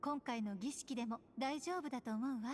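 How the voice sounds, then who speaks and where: A woman voicing a poised, ladylike adult witch in a video game, speaking in a refined, softly feminine way. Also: a little high, racing, no echo, close to an everyday voice. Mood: calm.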